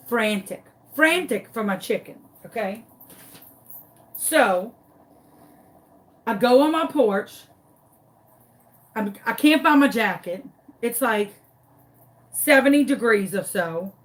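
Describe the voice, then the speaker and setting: A woman telling a comic story in a craft tutorial, animated, dramatic and self-mocking. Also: a little high, takes it slowly, long pauses. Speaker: crafting vlogger.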